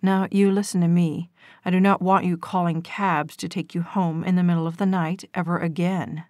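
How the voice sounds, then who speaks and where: A woman reading the part of a caring, protective young man in an audiobook, speaking softly and turning firm. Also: lowish voice, level tone, moderate pace, no echo, clean studio sound, natural voice. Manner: soft, gentle, firm when pressed.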